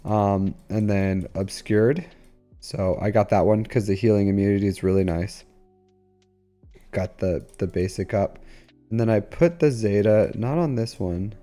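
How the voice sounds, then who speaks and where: Man, game streamer, casual rambling chat, lowish voice, faint music behind. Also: a little slow, warm tone. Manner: rambling, filler-heavy, talks to chat.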